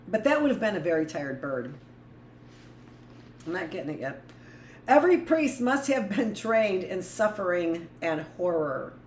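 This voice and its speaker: A middle-aged woman reads a book aloud to a live class at a middle pitch. She breaks off often into blunt, rambling asides of her own. The room echoes around her, with a faint hiss underneath. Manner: rambling, blunt asides between read passages. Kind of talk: live book reading with commentary.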